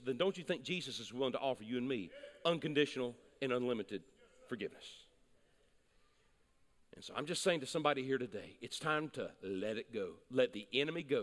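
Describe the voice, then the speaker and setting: A male pastor preaching a sermon in a church sanctuary, emphatic and swinging from loud to hushed. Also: fairly high pitch, long reverb tail.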